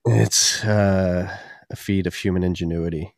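A man's voice: low voice, lively intonation, normal speed, darkish tone, no room sound, clean studio sound. A man in his thirties co-hosting a podcast, joking and loose in casual chat. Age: 30s. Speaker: podcast co-host.

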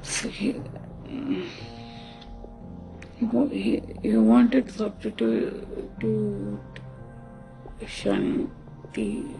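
A storyteller with an Indian English accent, talking casually and haltingly, acting out the dialogue and switching into Hindi now and then. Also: mid-range voice, steady tone, vocal fry, dark tone. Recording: music playing behind the voice.

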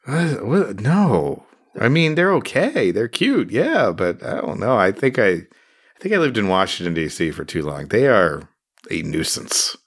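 A man's voice: fairly low pitch, big pitch swings, measured pace, husky. A man in casual podcast chat, teasing dryly and laughing often.

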